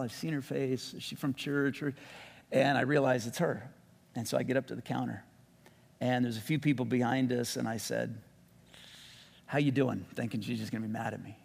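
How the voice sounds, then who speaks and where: A middle-aged pastor with a gravelly, rough-edged voice, preaching in a relaxed, storytelling way. He stumbles and restarts often, and his words trail off into the long reverb of a hall. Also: mid-range voice. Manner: conversational, animated in quotes, frequent restarts. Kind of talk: sermon with storytelling.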